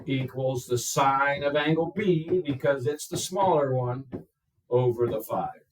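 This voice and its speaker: A man teaching a math class, explaining step by step and checking in with his students. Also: mid-range voice. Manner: slow, step-by-step, checks in with "okay?". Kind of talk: classroom lecture. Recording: echoey classroom from far off.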